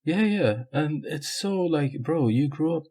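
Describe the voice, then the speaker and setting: A young man co-hosting a podcast, talking in a relaxed, agreeable way with casual swearing. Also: a little high, measured pace, breathy edge. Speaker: podcast co-host. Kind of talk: casual chat.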